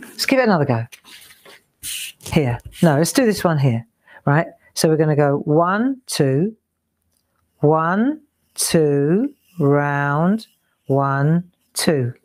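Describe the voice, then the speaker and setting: A woman's voice: low voice, animated, slow, pauses often, darkish tone. A woman leading a live craft demonstration, chatting and counting strokes aloud as she draws. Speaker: craft tutor. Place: home craft studio.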